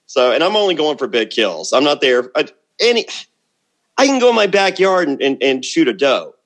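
A man's voice: fairly high pitch, big pitch swings, normal speed, a bit bright. Brash rambling man telling stories. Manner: brash, rambling storyteller with many restarts. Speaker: guest, former reality show contestant. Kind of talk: casual interview chat.

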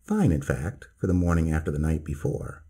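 Cheerful middle-aged country doctor, clipped and teasing, mellow husky voice; a man voicing him. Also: rumbling low, very animated, pitched below the performer's own voice, heavily acted. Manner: brisk, teasing, clipped speech. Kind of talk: storybook reading.

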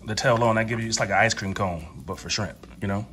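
A man's voice: on the low side, steady tone, fairly quick, background noise. A man hosting a casual cooking vlog in his home kitchen, joking and talking straight to viewers. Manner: jokey, laid-back, talks straight to viewers. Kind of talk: casual cooking demo chat.

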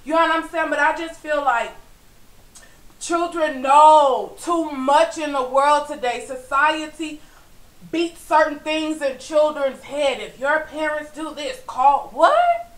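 A woman venting in a personal vlog, frustrated and preachy. She swings from weary low murmurs to loud, emphatic outbursts and keeps asking "you know what I'm saying?". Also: animated, slow, roomy sound, rough recording. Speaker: vlogger. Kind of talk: impassioned personal vlog monologue.

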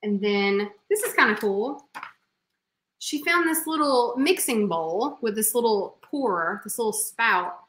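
A woman's voice: on the high side, animated, measured pace, fairly bright tone, reverberant, a little hiss or hum. A woman co-hosting a live vintage reselling stream, chatting casually as she shows thrift finds. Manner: chatty, showing items. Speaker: co-host of a live reselling show.

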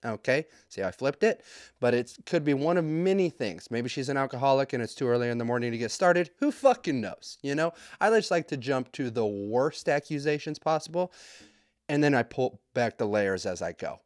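A man hosting a podcast, telling a comedic story in a profane, rambling, joking way with quick asides. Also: medium pitch, animated, no room sound, clean studio sound. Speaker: podcast host.

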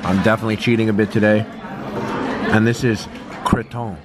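A man's voice: fairly low pitch, level tone, a little fast, roomy sound, a loud crowd, heavy background noise. A man vlogging in a loose, joking way, swearing casually as he chats to the camera. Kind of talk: casual vlog chat.

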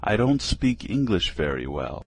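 Slow, husky man reading phrases. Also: lowish voice, very animated, no room sound. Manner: reads short phrases one at a time with pauses. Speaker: language lesson reader.

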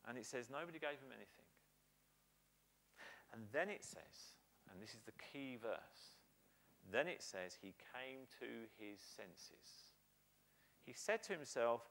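A British man preaching a sermon, animated and storytelling, slowing down to act out the quoted voices he tells of. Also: mid-range voice. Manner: animated preaching, acting out quoted voices with slowed emphatic lines. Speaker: pastor.

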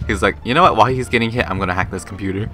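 A young man doing Let's Play commentary on a game, excitable, often jumping to high shrieks and laughter, with game music behind. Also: rapid-fire. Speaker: gaming YouTuber.

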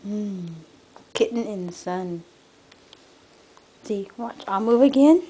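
A woman with a fairly high voice coos slow baby talk at her cat while she films it on a handheld camera at home. Now and then she sinks into soft whispers, with a faint hum of room sound behind her. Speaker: pet owner filming her cat. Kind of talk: casual home video. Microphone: handheld camera she is filming with.

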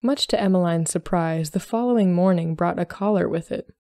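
Gravelly, mellow woman reading a story. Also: fairly low pitch, brisk, no echo. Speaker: podcast host reading a story. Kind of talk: storybook narration.

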